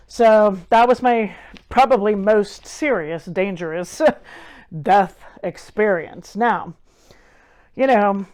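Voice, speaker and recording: A woman's voice: medium pitch, darkish tone, smooth. A woman in her forties hosting a show, telling a personal story with wry, self-deprecating humor. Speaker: host. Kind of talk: casual storytelling monologue.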